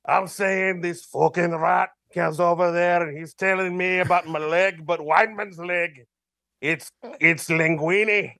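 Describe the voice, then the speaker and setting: A man's voice: high voice, fairly even intonation, measured pace, gravelly, bright, forceful tone, no echo, full character voice. A man putting on a cocky Irish fighter. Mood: mocking. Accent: put-on Irish. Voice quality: mocking swagger, broken grammar. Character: cocky brash Irish male fighter impression.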